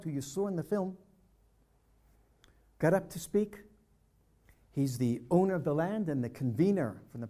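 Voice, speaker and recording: Older male storyteller, mellow tone, brings the quoted dialogue to life for a church audience. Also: high-pitched. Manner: vivid storyteller acting out dialogue. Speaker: speaker at a peace dialogue presentation. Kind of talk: personal storytelling talk. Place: church hall presentation.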